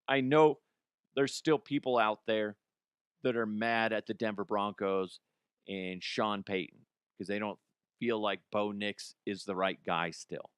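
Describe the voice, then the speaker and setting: A man's voice: lowish voice, steady tone, a little slow, smooth, no room sound, studio quality. A man hosting a solo sports podcast, ranting bluntly with swearing, often restarting and repeating words. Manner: blunt, opinionated, swears freely. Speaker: podcast host.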